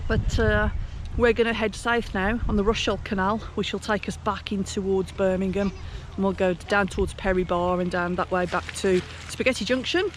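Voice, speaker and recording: A woman's voice: medium pitch, fairly even intonation, normal speed, few pauses, slight background noise. A chatty woman with a Black Country accent talks casually to camera outdoors on a canal towpath. She rambles, stops and restarts her sentences, and fills the gaps with plenty of ums. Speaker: cycling vlog host. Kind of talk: casual outdoor vlog chat.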